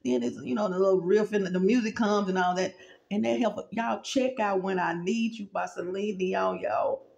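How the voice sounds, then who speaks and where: A woman's voice: mid-range voice, steady tone, normal speed, vocal fry, a little mellow, reverberant, dull audio. A woman vlogger giving casual spiritual advice, chatty and rambling, talking straight to her viewers.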